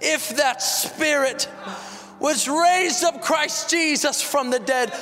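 Pastor guy preaching, really high voice, big fervent build, faint music under. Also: slow pace, pushed and bright, in a large hall. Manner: preaching with rising fervor, rhetorical questions. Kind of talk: sermon.

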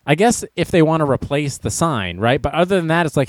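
A man's voice: a little high, lively intonation, fairly quick, no echo, studio quality. A man hosting a talk show, joking through news items and stories and laughing often. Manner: playful, laughs often, reads news items aloud with wisecracks. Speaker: radio show host.

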